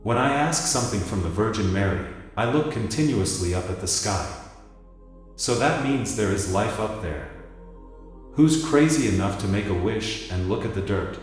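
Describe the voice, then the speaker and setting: A man playing a fierce, gruff warlord. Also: fairly low pitch, expressive, moderate pace, natural voice. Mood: fervent. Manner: angry, blunt, demanding. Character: fierce Greek warlord chief, gruff and proud. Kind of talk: dramatic reading. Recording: echoey hall with music behind.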